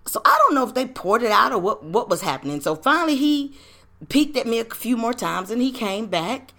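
Animated woman telling a story. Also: a little high, brisk. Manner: animated, slangy and profane, rhetorical questions. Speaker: podcast host. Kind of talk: casual personal storytelling.

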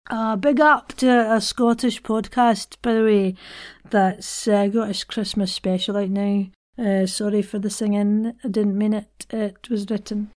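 A woman's voice: medium pitch, darkish tone. A woman, teaching a voice and workshop in a chatty, demonstrative, self-deprecating way. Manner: counts breaths aloud, drops to whispers. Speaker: voice coach. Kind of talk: voice and accent workshop.

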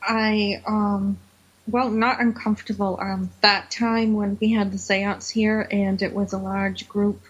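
Brief: even-toned, husky woman, calm and hesitant, dull sound. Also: medium pitch, unhurried. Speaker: guest. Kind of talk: casual interview. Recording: muffled lo-fi audio.

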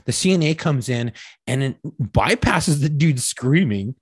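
A man's voice: medium pitch, unhurried, slightly rough, dry recording. A man telling a long story in casual chat, swearing constantly and acting out what people said. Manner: profane, animated, acts out quoted voices. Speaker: podcast co-host telling a story.

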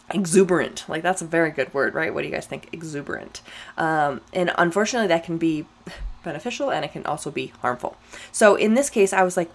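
A young woman talking on her own podcast in a loose, candid way, turning to her listeners often and leaning hard on her points. Her voice sits a little low for a woman. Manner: candid, emphatic, talks straight to listeners. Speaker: podcast host. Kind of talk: casual solo podcast talk.

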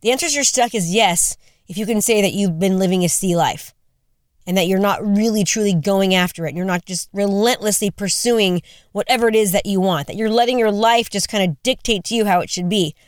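A woman's voice: mid-range voice, fairly quick, no echo, clean studio sound. A woman in her forties giving a motivational talk, earnest and conversational, repeating questions for emphasis. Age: 40s. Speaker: motivational speaker.

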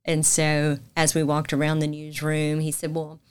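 A middle-aged Southern woman talks through her career as an interview guest. Her voice sits a bit low, and she tells the story with energy, acting out each quoted line. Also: moderate pace, clear, resonant tone. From Macon, Georgia. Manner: animated storyteller, acts out quoted lines. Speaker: guest, news anchor.

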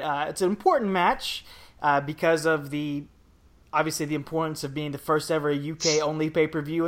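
A man's voice: a little high, fairly bright tone. A man hosting a casual podcast, upbeat and jokey, rambling a little with fillers. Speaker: podcast host.

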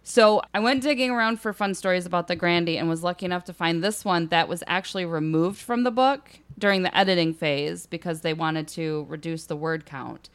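A woman podcast host reading a local history passage aloud with lively emphasis, then chatting casually. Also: fairly low pitch, clear, resonant tone.

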